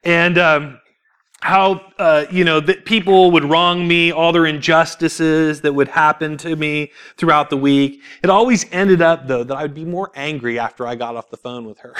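A man's voice: on the high side, moderate pace, smooth. A man preaching a sermon in a church, telling personal stories with rhetorical questions and laughing between points. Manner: animated storytelling with rhetorical questions.

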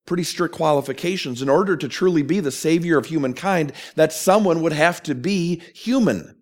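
A man's voice: a little high, moderate pace. A man preaching a sermon as a pastor, earnest and emphatic, asking questions of his listeners.

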